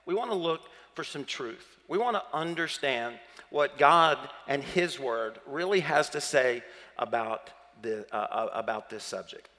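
A man's voice: mid-range voice, animated, measured pace, sharp tone, in a large hall. A man with a Southern accent preaching a sermon as pastor, chatty and playful, quizzing the congregation.

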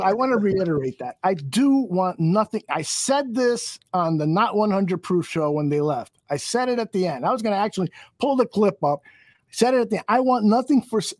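A man's voice: high-pitched, a little mellow, dry recording. A man hosting a podcast, ranting angrily and profanely with many restarts. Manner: angry, profane, rambling with restarts. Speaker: podcast host. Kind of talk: heated podcast rant.

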